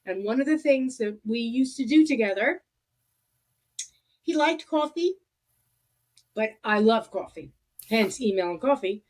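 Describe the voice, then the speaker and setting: A woman hosting a podcast, talking in a reflective, halting way with many restarts. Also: fairly high pitch, animated, darkish tone. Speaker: podcast host. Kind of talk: casual conversation.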